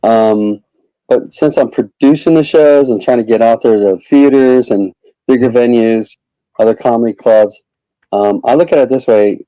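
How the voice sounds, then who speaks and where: A man's voice: mid-range voice, moderate pace, dark tone, dry recording, poor audio. A man who is a comedian, rambling casually as a guest in an interview. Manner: rambling, chatty, lots of fillers.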